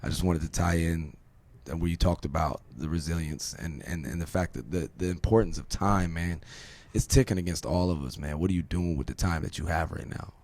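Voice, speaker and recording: A man's voice: sits low, brisk, darkish tone. A man from Virginia hosting a podcast, talking emphatically in a rambling way, swearing and asking rhetorical questions. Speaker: podcast host. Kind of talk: casual podcast conversation.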